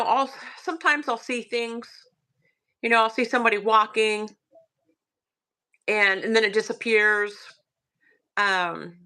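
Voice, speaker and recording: Bright-voiced Southern woman telling a spooky story. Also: mid-range voice. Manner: hushed, halting, many fillers. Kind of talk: casual storytelling.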